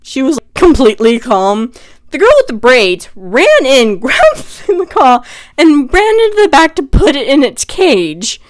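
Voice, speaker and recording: A young woman casually retelling a story for her vlog, chatty and animated, full of "like". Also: high voice, a little slow. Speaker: vlogger.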